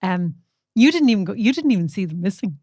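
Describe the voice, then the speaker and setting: A middle-aged Irish woman hosting a casual chat, telling a story in a chatty, animated way. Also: mid-range voice, fast, no room sound, studio quality. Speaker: podcast host.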